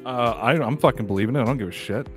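A man's voice: mid-range voice, racing, faint music behind. Profane, heated male podcast host. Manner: profane, heated, emphatic ranting. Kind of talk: casual sports podcast rant.

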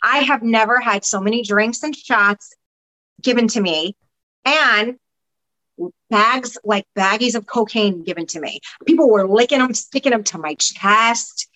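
A woman guest on a podcast, candidly recounting her past in an animated, casual way, sometimes swearing and acting out what others said. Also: a little high, a little slow, rough recording. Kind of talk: candid personal storytelling.

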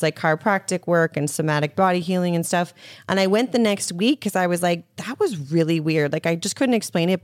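Woman, lowish voice, candid fast storytelling, lots of "like", dry close sound. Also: dry recording. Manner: rapid, frank, peppered with "like". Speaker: guest.

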